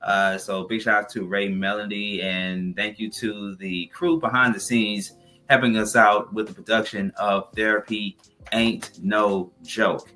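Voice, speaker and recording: A man hosting a talk show, asking questions and running through upbeat shout-outs and sign-off plugs. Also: fairly low pitch, little pitch movement, unhurried. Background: soft music bed.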